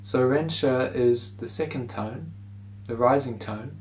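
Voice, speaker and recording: A man teaching pronunciation in a relaxed video lesson, repeating words slowly for the listener to say along. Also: medium pitch, slight background noise, rough recording.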